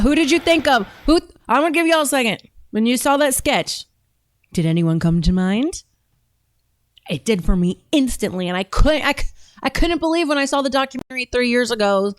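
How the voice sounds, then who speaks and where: A woman's voice: fairly high pitch, animated, normal speed. A woman hosting a reaction show speaks in a chatty, emphatic, conversational way. She sits close to the mic in a dry, dead-sounding space with no room echo. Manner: chatty, emphatic, talks with her mouth full at times. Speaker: show host reacting to videos. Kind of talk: casual commentary.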